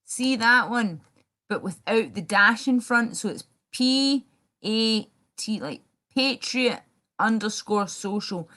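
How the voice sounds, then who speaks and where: A woman's voice: fairly high pitch, takes it slowly, pushed and bright. A young woman hosting a casual livestream, rambling as she reads viewer comments aloud and answers them. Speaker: livestream host.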